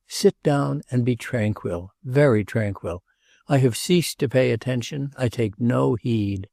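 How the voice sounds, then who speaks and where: Old woman in a storybook, weary and flat-spoken, gravelly and dark, voiced by a male reader. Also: medium pitch, unhurried, no room sound. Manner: dry, tired, refusing. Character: elderly woman, weary and blunt.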